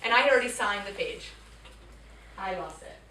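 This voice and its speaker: A woman's voice: medium pitch, normal speed, slight background noise. Woman telling a story in an echoey hall. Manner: animated storyteller, acts out voices, drops to quiet tones. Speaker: teacher speaking to students. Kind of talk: storytelling talk to a school audience. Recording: echoey room picked up from far off.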